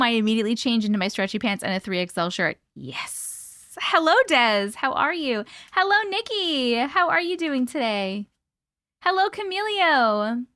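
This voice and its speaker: A woman hosting a casual livestream, reading viewer comments aloud and greeting people by name, playful and quick to laugh. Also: a little high, a bit bright, no echo, studio quality. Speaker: livestream host.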